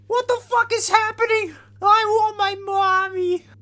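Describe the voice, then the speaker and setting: A cowardly, unhinged young nerd in a sky-high, squeaky falsetto. He talks with a thin, nasal whine. His words drag out slowly. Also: fairly even intonation, bright, forceful tone, exaggerated voice. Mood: panicked. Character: whiny nerdy young man, cowardly and unhinged.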